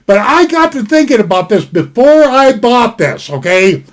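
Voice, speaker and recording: A man's voice: very high voice, very animated, normal speed. An older man giving a casual sit-down knife review at his desk on a webcam, rambling and folksy, repeating himself and spelling out words. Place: indoors at a desk.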